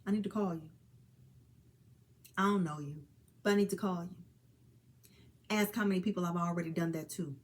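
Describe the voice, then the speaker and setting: Talking straight to camera about suicide awareness, a woman in her 40s pleads with people to help each other, addressing listeners as honey and child. She speaks at a moderate pace with frequent pauses, her fairly low voice fairly even in intonation.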